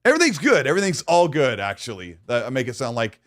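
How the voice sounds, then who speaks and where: A man's voice: mid-range voice, huge pitch swings, fast, a bit bright. A man hosting a podcast, talking in a loose, rambling way. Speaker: podcast host. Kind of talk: casual podcast chat.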